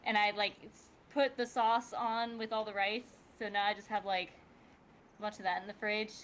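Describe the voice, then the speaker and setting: Casual woman co-host, rambling and chatty, mid pitch; faint noise on a home mic. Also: little pitch movement, moderate pace, a bit bright. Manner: chatty, rambling, filler-heavy. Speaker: livestream co-host. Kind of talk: casual chat.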